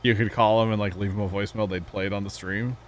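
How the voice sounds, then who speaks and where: A man's voice: on the low side, steady tone, fast talker. A man hosting a livestream, chatting casually and rambling to his viewers and co-host while playing a game. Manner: rambling, chatty, talks to chat, laughs often. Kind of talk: casual chat while gaming.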